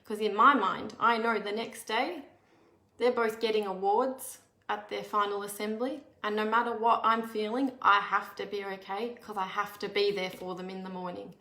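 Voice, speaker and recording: A woman's voice: mid-range voice, fairly even intonation, normal speed, pushed and bright. A woman, earnestly telling a personal story in a candid, conversational way, with frequent restarts. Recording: echoey room.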